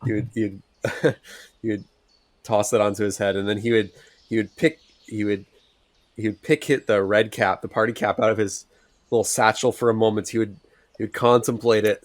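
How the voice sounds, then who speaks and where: Man game master, slow pace, halting narration, dry close sound. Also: on the low side, no echo. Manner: halting, many restarts and laughs.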